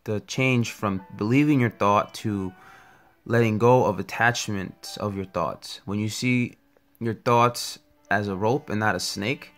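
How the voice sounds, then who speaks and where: A man's voice: on the low side, measured pace. A man giving an earnest, reflective spiritual talk, telling a parable along the way. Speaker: spiritual teacher. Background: faint music.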